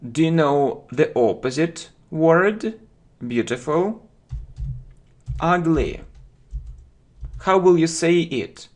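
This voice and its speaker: A man teaching English vocabulary, speaking slowly and deliberately and repeating each word for learners. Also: on the high side, lively intonation. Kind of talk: slow vocabulary lesson with drills.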